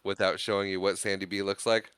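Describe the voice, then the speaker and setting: Bright, smooth-voiced man recapping a film. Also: low-pitched, little pitch movement, no echo. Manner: chatty, laughs often, does quick character voices while retelling scenes. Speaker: podcast co-host. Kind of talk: casual movie recap chat.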